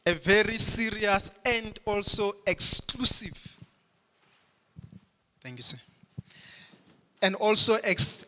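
A pastor preaching a sermon at a church service, emphatic and full of repeated restarts. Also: male voice, high voice, sharp tone. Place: church hall during a service. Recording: long hall reverb.

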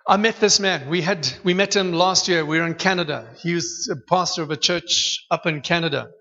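A man preaching a sermon in a church hall, telling stories with lively humor. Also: fairly high pitch, fairly quick. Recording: dull echoey hall recording.

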